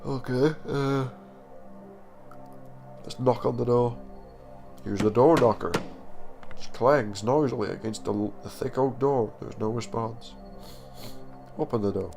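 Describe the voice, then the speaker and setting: A man's voice: mid-range voice, measured pace, vocal fry, pauses often, a little mellow, soft background music. A young man who plays a horror text adventure on his channel, reading the game's text dramatically and breaking off into jokey asides and laughter. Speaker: gaming YouTuber.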